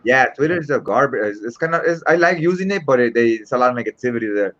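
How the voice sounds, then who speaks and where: This man co-hosts a laid-back podcast, talking fast in a mid-range voice and bringing his stories to life by performing each quote. The audio is dull and lo-fi.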